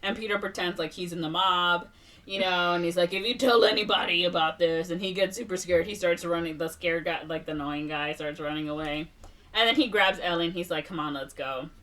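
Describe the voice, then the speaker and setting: A woman's voice: on the low side, a little fast, recorded from a distance. Chatty young woman retelling a film. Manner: animated retelling, acting out characters' lines with laughs and fillers. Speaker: podcast co-host. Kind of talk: casual movie recap chat.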